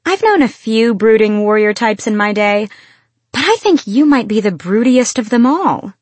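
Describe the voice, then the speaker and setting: A woman's voice: on the high side, lively intonation, normal speed, no echo, pitched above the performer's own voice. A woman voicing a sly, drawling fae woman. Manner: drawling, teasing. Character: wry, guarded young fae woman, sly and bold.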